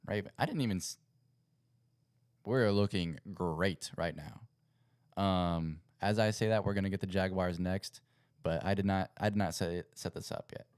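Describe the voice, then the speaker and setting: A man's voice: deep voice, a little slow, darkish tone, smooth, no echo, studio quality. A young man, rambling casually as the host of his own sports livestream. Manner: rambling, self-correcting, chatty. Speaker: podcast host. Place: home setup at a computer.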